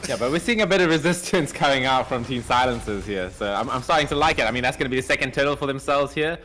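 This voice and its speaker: A man with a bright, forward voice co-casts a live esports match. He talks loosely and conversationally, laughing between points and tossing in casual slang. His read on the game comes out relaxed. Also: medium pitch, fast, slight background noise. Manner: casual, chatty, laughs often, says dude. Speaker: esports co-caster.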